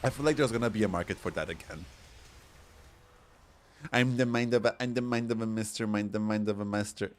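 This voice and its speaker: Chatty campy man, a bit low. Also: fairly quick, long pauses, a little hiss or hum. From Europe. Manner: chatty, campy, animated storytelling with swearing. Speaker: streamer. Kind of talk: casual chat while gaming.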